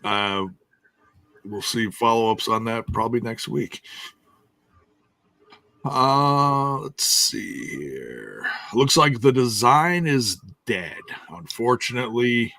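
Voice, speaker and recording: A man's voice: mid-range voice, expressive, slow, vocal fry, sharp tone, no room sound. A man hosting a wrestling review podcast, chatting casually and jokingly with lots of fillers. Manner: joking, rambling, with frequent fillers. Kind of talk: casual chat.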